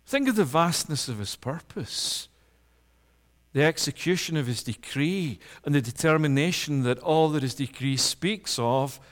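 Pastor preaching in a reverberant church. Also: male voice, medium pitch. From Scotland. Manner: emphatic, builds up lists with rising force. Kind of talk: sermon.

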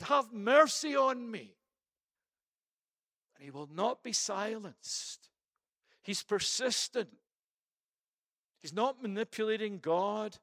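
High-voiced impassioned male preacher. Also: no echo, clean studio sound. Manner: impassioned, swings from loud to hushed; stumbles over verse numbers with fillers. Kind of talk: sermon.

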